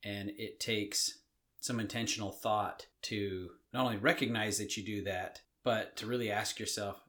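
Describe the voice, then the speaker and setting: A man's voice: fairly low pitch, steady tone, moderate pace, fairly bright tone. Plainspoken man co-hosting a podcast. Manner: plainspoken, dry humor, folksy exclamations. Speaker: podcast co-host. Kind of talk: casual chat.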